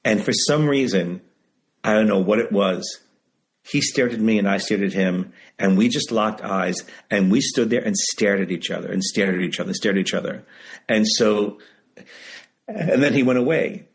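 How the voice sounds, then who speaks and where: Low-voiced man telling an animated story. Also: moderate pace. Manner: animated, emphatic storyteller, repeats phrases. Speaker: memoir author guest. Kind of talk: casual interview storytelling. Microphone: video call.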